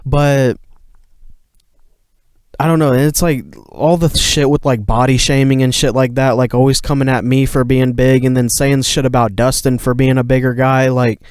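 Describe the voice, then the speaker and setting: A man's voice: medium pitch, little pitch movement, normal speed, a little mellow, clean tone, dry recording. A young man co-hosting a podcast, retelling a story in casual chat, heated and profane, full of fillers. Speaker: podcast co-host.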